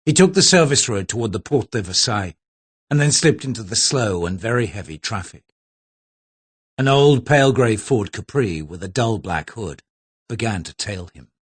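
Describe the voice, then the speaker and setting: A man narrating a thriller audiobook in a steady, low-key way. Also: normal speed, slightly rough. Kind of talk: scripted narration.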